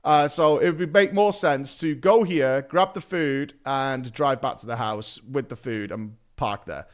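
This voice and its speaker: A British man streams a game while spinning a meandering, self-mocking story, swearing frequently as he goes. He speaks at a medium pitch and takes his time.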